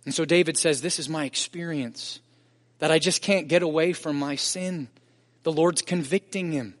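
A man's voice: fairly high pitch, normal speed. Earnest man preaching in a reverberant church. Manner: earnest, emphatic preaching with rising intensity. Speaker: pastor. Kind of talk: sermon. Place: church sanctuary.

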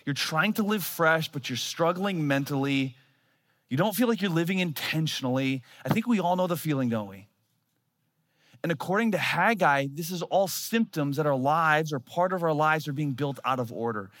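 A man in his thirties preaching a sermon, telling a story with animated, self-mocking humor. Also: on the high side, moderate pace, no echo, studio quality. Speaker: pastor.

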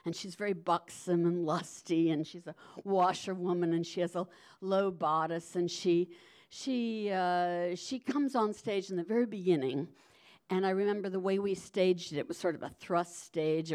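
A woman telling a rambling personal story live on a theater stage, often backtracking, with a wry edge. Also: lowish voice. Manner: rambling, self-interrupting, wry.

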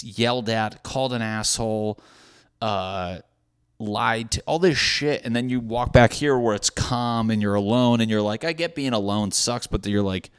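A man's voice: medium pitch, smooth. A man in his thirties chatting casually on a podcast, rambling and swearing freely with self-deprecating humor. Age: 30s.

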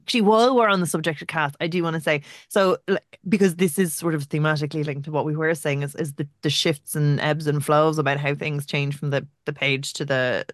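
A woman's voice: deep voice, fairly even intonation, fairly quick, no echo, clean studio sound. A woman hosting a podcast interview, asking questions in an enthusiastic, effusive way. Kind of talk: casual interview talk.

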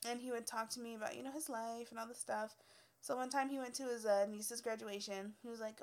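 Young woman, ex-hairstylist, slightly high voice, blunt swearing rant with frequent laughs. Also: fairly even intonation, a little fast. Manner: blunt, profane, exasperated, laughs often. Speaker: former hairstylist telling work stories. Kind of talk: casual storytelling rant.

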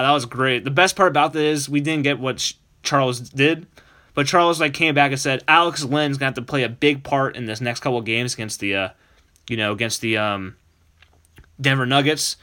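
A man's voice: medium pitch, steady tone, normal speed, sharp tone. A man hosting a sports podcast, chatting casually and laughing along with loose restarts. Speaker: podcast host.

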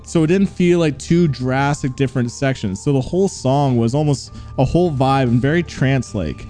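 Chill guy rating a track, warm mellow voice, faint music behind. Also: mid-range voice, normal speed. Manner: relaxed, enthusiastic, filler-heavy. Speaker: music reviewer. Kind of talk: casual song review.

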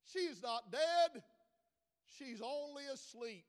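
Jesus, as a preacher puts him on, a high, gentle voice. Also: male voice, expressive, slow, in a large hall, full character voice. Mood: calm. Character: Jesus, gentle male teacher.

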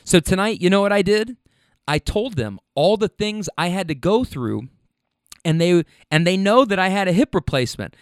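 A man's voice: high voice, animated, moderate pace, clean tone, dry recording, studio quality. A man hosting a podcast, telling stories casually in a rambling, profane way. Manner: rambling, profane, restarts and fillers. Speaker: podcast host. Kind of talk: casual storytelling.

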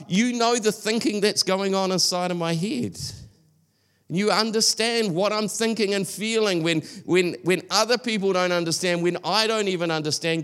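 A man preaching in an earnest, conversational way, his voice sitting a little high. He often restarts his sentences and speaks plainly, as if talking things over with the room. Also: a bit bright. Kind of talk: sermon.

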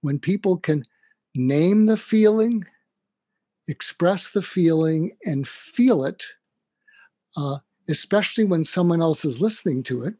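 Husky, earnest male doctor. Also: a little high, lively intonation, a little slow, mellow, no echo. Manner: earnest, stumbles and restarts. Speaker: doctor and author. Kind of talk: casual interview talk.

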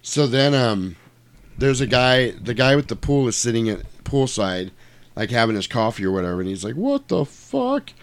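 A man casually retelling a movie plot in chat, animated and swearing, acting out lines in put-on voices. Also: medium pitch, moderate pace, clear, resonant tone.

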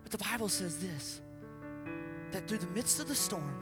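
A man preaching at a children's service, telling the story dramatically and shouting out acted quotes. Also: high voice, animated, normal speed, soft background music. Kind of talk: interactive children's sermon.

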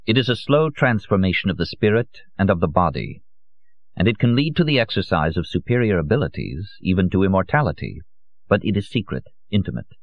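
A soft-spoken, worldly man, as the narrator reads him, explains things in a calm, measured way. The voice is deep and the recording is dry and a little dull. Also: no echo.

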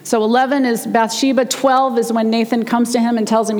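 A woman's voice: fairly high pitch, little pitch movement, a little mellow, a little hiss or hum. Woman preaching in a reverberant church. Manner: conversational storytelling, slows down for emphasis. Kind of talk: sermon. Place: church sanctuary.

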